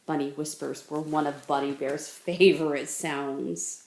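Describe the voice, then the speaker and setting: A woman teacher reading a picture book aloud in a slow, expressive storytelling voice. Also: deep voice. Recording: roomy echo.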